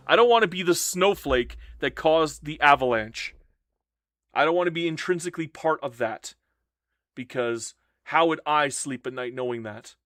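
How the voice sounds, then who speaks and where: A man's voice: fairly high pitch, no echo, clean studio sound. A man streaming a strategy game live, chatting casually with his viewers and a little emotional and upset. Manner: animated, talks straight to chat, swings from joking to earnest.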